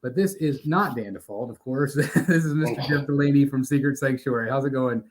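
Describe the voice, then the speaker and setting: A man's voice: medium pitch, a little fast. A man hosting a live collectors' show, upbeat and welcoming, a little scattered and out of breath. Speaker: host.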